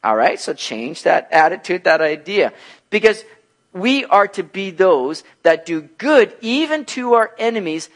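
A man preaching through a Bible passage in a casual, lively way. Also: high-pitched. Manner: lively, acts out bubbly and gloomy voices in his examples. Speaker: pastor. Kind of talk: expository sermon, casual and animated.

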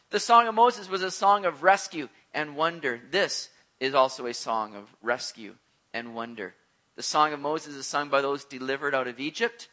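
A man preaching a sermon as a pastor, animated, with joking asides. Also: on the high side.

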